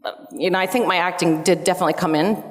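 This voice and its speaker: A woman from Canada on a convention panel, telling an animated story and acting out her own lines. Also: on the low side, very fast. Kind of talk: casual anecdote telling. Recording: echoey convention hall.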